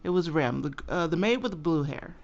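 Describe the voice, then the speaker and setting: A co-host in a casual chat with a mid-pitched voice. They push back playfully and argue quickly. The recording sounds dull and lo-fi. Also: expressive, creaky. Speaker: podcast co-host.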